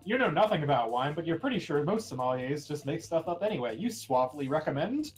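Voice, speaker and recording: A man hosting a game session with friends, reading the game text aloud in a playful way that is quick to laugh. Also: fairly high pitch, big pitch swings, soft background music, low-quality recording. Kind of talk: let's play narration among friends.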